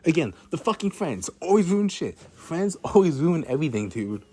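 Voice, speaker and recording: A man's voice: fairly high pitch, big pitch swings, moderate pace, darkish tone, slightly rough. Man with a casual, rambling storytelling monologue, repeating lines and swearing.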